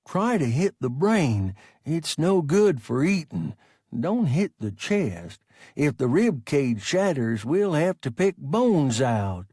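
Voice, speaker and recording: A man's voice: fairly high pitch, very animated, slow, darkish tone, slightly rough, dry recording, clean studio sound, full character voice. A man voicing a blunt, matter-of-fact spaceship crewman in an audiobook.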